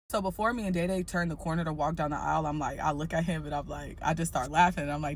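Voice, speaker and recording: A woman telling a story in a casual vlog, blunt and profane, animated and fired up. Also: sits low, quick pace, hardly any pauses.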